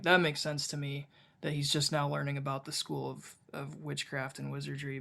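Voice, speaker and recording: A male podcast co-host chatting casually about a book, rambling along and stumbling into restarts as he reads passages aloud. His voice has a gravelly fry and sits a touch higher than most men's.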